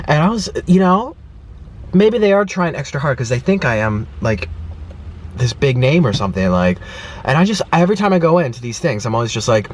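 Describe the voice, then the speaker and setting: A man's voice: on the high side, a little hiss or hum. A young man chatting to camera from his car, telling a story with lots of acted-out quotes. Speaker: food vlogger. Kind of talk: casual chat to camera.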